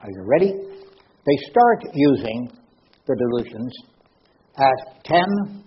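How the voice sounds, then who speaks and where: A man's voice: medium pitch, sing-song, takes it slowly, husky, dull audio. Wry man lecturing a live audience. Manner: wry, joking, addresses the crowd.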